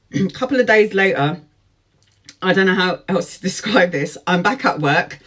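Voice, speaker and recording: A woman in her forties telling a personal story, lively, laughing often and acting out what people said. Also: on the low side. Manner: lively, laughs often, acts out quoted speech. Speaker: tarot vlogger. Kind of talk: storytime chat.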